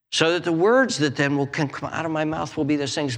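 A man preaching a sermon, acting out prayers and inner voices with animated delivery. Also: fairly high pitch, a little fast, hardly any pauses, big-room sound. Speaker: pastor. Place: church.

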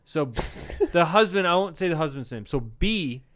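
A man's voice: fairly high pitch, a little slow. A man co-hosting a casual comedy podcast, reading out a listener's story with running jokes and laughter. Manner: animated storytelling, reads a letter aloud with quips and laughs. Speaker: podcast co-host.

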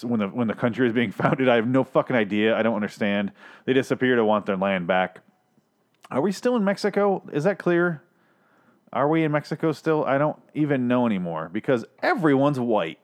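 A man with a fairly low voice hosts a loose, rambling TV review podcast. He is sarcastic and freely profane. He keeps breaking off and restarting his sentences. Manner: profane, sarcastic, self-interrupting. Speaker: podcast host reviewing TV episodes.

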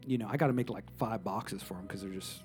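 A man's voice: fairly low pitch, quick pace, soft background music. A man in his thirties preaching a sermon as a pastor, emphatic, repeating key lines and asking the audience questions.

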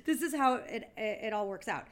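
A woman's voice: a little high, expressive, slight background noise. A woman co-hosting a podcast, chatting casually about a film and adding jokes. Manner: chatty, quick to agree and add jokes. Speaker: podcast co-host.

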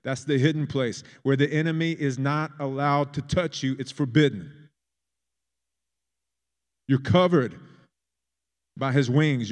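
A man preaching a sermon in a fervent manner, building to loud, emphatic peaks. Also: medium pitch, a little slow, long pauses.

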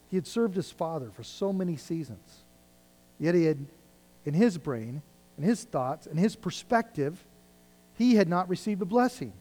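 A man's voice: on the high side, lively intonation, moderate pace, warm tone, low-quality recording. A male pastor preaching a sermon, reading scripture and retelling it in everyday words, rising and dropping in intensity. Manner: paraphrases scripture conversationally, rising and falling in intensity.

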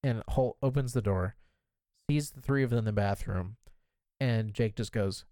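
A man's voice: on the low side, normal speed, warm tone, smooth, dry recording. A man co-hosting a podcast and recapping an episode in a chatty, casual way, with lots of "like" fillers. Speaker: podcast co-host.

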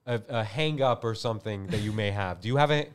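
A man's voice: on the low side, a little fast, clear, resonant tone. A man co-hosting a podcast in casual chat, playful, with constant "yeah, yeah" backchannels. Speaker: podcast co-host.

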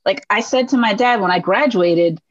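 Woman from brooklyn, husky voice, animated storytelling, dull dry recording. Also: medium pitch, normal speed, no echo. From Brooklyn, New York. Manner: animated, acts out quoted dialogue with laughs. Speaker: guest. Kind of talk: casual storytelling conversation. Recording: dull, dry podcast mic.

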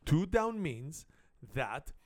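A man's voice: fairly high pitch, big pitch swings, very slow, darkish tone, no echo, studio quality. A middle-aged man from Israel with an Israeli accent and broken English grammar, a native Hebrew speaker hosting a playful family spelling game and telling a comic story. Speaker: family game show host.

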